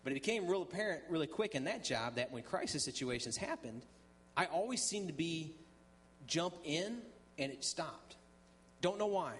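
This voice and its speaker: This man's voice is a little high, a bit bright, and animated at a moderate pace. Sharing his testimony as a church guest speaker, he stumbles through ums and restarts in a conversational way and performs the dialogue in different voices.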